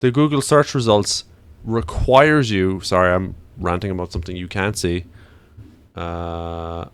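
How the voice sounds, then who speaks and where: A man's voice: low voice, measured pace, smooth. A man streaming, chatting casually and ranting to himself as he browses.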